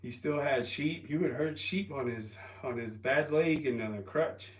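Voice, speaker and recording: A man chatting casually on a livestream, rambling and halting with ums and restarts while resting an injured calf. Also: medium pitch. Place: home, lifting weights while streaming. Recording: roomy, from a distance.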